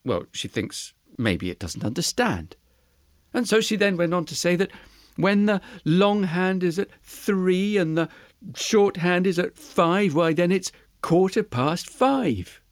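A storyteller telling a fairy tale in an expressive, animated way. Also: mid-range voice, no room sound, studio quality. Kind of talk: storytelling for children.

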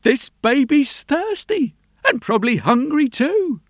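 A man voicing a gentle, fretful lone sailor. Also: very high voice, sing-song, a little slow, no echo, clean studio sound, pitched above the performer's own voice, full character voice. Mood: worried. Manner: fretful, soothing, talks to himself. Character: gentle lone male sailor, anxious yet tender.

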